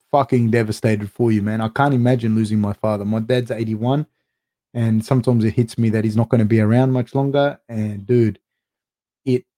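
Hosting a live fight recap, a middle-aged man speaks in a warm, fairly low voice. He reads out viewers' comments and responds loosely and profanely, rambling with plenty of filler words.

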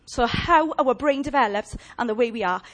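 A woman preaching a lively, humorous sermon and chatting with her audience. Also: a little high, normal speed.

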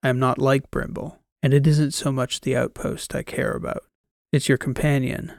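A man voicing a calm, formal male android who has been stranded for centuries and speaks in a measured, precise way. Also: mid-range voice, creaky, dry recording, studio quality, natural voice. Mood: earnest. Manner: measured, precise, earnest pleading.

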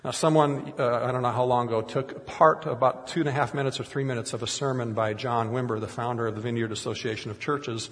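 A middle-aged man preaches with animated storytelling, slipping into acted-out quotes along the way. His voice sits in a middle pitch. The sound rings with the long reverb of a large hall. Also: quick pace, few pauses. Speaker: pastor. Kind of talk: sermon.

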